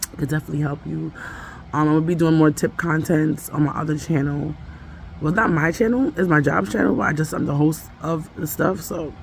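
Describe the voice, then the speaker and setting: A woman's voice: low voice, vocal fry, a little hiss or hum. A woman vlogging casually from home, rambling and chatty, breaking off to talk to her toddler. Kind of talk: casual vlog chat.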